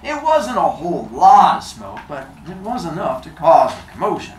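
A woman's voice: sits low, wildly swooping pitch, moderate pace, darkish tone, slight background noise. A woman teacher with the hiccups, reading a novel aloud to her class in a chatty, plain way. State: has the hiccups. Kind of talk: classroom read-aloud and discussion. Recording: echoey classroom with children's chatter.

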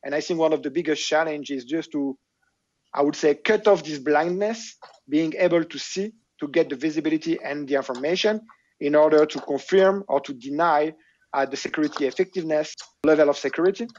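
French-accented guy on a call, hesitant, lots of uhs, slightly high, muffled lo-fi sound. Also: brisk, a little mellow. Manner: hesitant, many filler sounds and restarts. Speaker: panel guest. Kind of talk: panel discussion.

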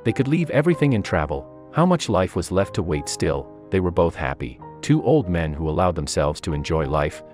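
A man with an extremely deep, low voice narrates a sentimental story in a steady, measured read. His delivery stays even and scripted from line to line, and soft music runs faintly behind him.

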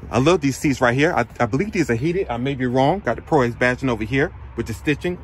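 There's slight background noise as a fast-talking man with an expressive, medium-pitched voice reviews a pickup at a dealership. He goes around the lot and inside the truck, calling out features casually and briefly.

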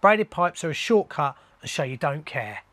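A man talks through viewer comments in a relaxed, jokey way, tossing out mate every few lines. His voice sits a bit high for a man. The sound is dry and close, with no room echo. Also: moderate pace. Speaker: plumber and channel host. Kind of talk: casual vlog reading viewer comments.

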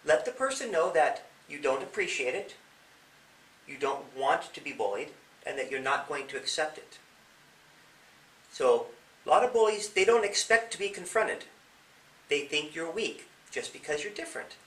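A man's voice: on the high side, lively intonation, moderate pace, long pauses, a bit bright. A man who is a police officer, giving young people advice in an interview. He explains with questions and acts out examples. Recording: echoey room, mic at a distance.

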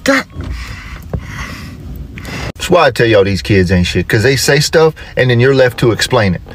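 A man telling comic stories about his kids in an animated, exclaiming way. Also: mid-range voice, a little fast, a little hiss or hum. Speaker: comedic storyteller. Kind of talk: comedic storytelling.

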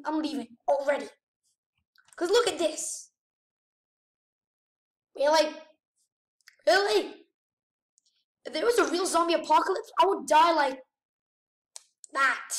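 Excitable high-voiced woman gaming. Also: echoey room, recorded from a distance. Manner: excitable, gasping, exclaiming. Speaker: gamer. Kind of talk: gameplay commentary.

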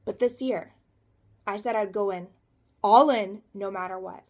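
A woman's voice: medium pitch, measured pace. A woman in her thirties talking through a personal motivational vlog, emphatic and repeating words for stress. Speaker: coach and realtor.

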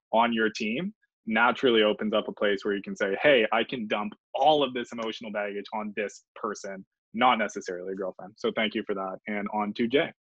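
Low-voiced man moderating, dull dry sound. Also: a bit bright, slightly rough, no room sound. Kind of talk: moderating a panel.

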